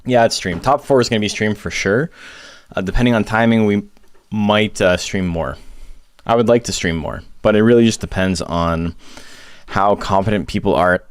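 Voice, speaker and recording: A man with a deep voice chats casually on a live stream, rambling and poking fun at himself. He keeps getting interrupted by hiccups. The sound is dry, with no room echo. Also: normal speed, clear, resonant tone. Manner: chatty, rambling, self-deprecating. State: has hiccups.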